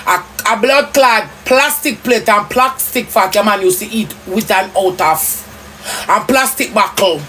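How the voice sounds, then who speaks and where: A woman with a Jamaican accent, her voice sitting a little high, rants hotly through a livestream. She curses freely and her pitch swoops up and down as she scolds. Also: slight background noise. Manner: angry, cursing, loud and swooping. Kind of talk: heated livestream rant.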